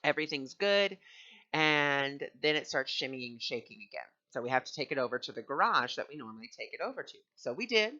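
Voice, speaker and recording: A man's voice: medium pitch, expressive, a little fast, sharp tone, highs cut off. A man teaching on spiritual ideas and telling a personal story in an earnest, conversational way.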